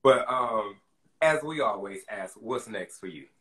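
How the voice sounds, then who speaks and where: A man's voice: fairly low pitch, lively intonation, a little slow, a crowd in the background. A man hosting a casual livestream interview, emphatic and enthusiastic, repeating himself for stress. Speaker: host. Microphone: phone on a live video call.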